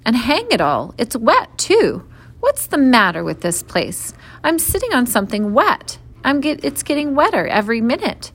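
An eager, bossy eldest schoolboy, as a woman reading aloud puts him on. He speaks in hearty, old-fashioned exclamations, pitched higher than her narration and a little louder. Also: very animated, normal speed, breathy edge, full character voice.

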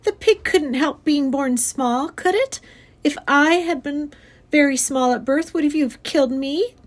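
A woman voicing an upset eight-year-old farm girl, pleading in a shrill, tearful voice for a storybook reading. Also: a little slow. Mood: distraught.

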